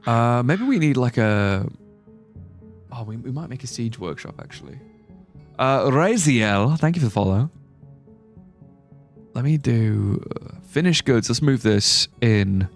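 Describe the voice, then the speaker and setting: A man's voice: medium pitch, expressive, measured pace, long pauses, faint music behind. A young man streaming a game, chatting casually and thinking aloud as he plays. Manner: rambling, thinking aloud with fillers. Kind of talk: casual live-stream chat.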